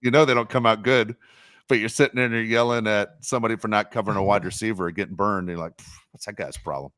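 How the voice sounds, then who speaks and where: A man hosting a casual sports podcast, rambling and animated, with mock-complaining asides. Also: lowish voice, racing, no room sound, studio quality. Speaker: podcast host.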